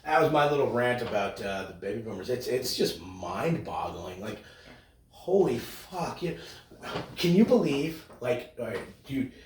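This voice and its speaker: A man's voice: medium pitch, sing-song, measured pace, a little mellow, a little hiss or hum. A man co-hosting a podcast, ranting in casual, profane, sarcastic chat. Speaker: podcast co-host. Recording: roomy, distant mic.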